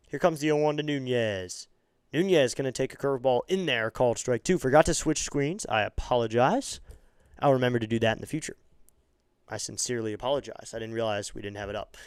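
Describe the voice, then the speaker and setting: Man, fan baseball play-by-play, smooth clear voice, dry close sound, jumps up in pitch on big plays, chatty asides. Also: no echo. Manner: rises sharply in pitch and volume on exciting plays. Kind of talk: amateur play-by-play commentary.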